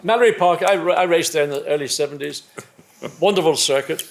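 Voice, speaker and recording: An older man in his seventies speaks as the guest of an evening conversation, recalling his racing days. He talks in a slightly higher register, reflective and measured, often circling back to restart a thought. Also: creaky, a crowd in the background. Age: 70s. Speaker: guest, former racing driver. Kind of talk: after-dinner conversation on stage. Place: club evening event indoors.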